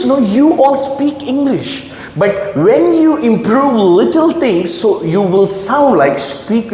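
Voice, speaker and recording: Lively man teaching, echoey room. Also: very high-pitched. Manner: checks in often with the listener, repeats key phrases; writes on a board while explaining. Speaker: English teacher. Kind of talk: classroom-style grammar lesson. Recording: echoey room with long reverb.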